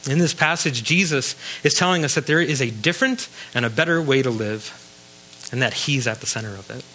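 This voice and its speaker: A man's voice: mid-range voice, pushed and bright, a little hiss or hum, low-quality recording. A man preaching a sermon in a conversational way, reading scripture and adding wry asides. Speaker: pastor.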